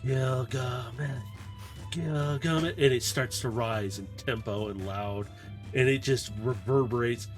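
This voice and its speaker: A man's voice: mid-range voice, measured pace. A man running a tabletop game as game master, narrating scenes in a loose, rambling way. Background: faint fight music.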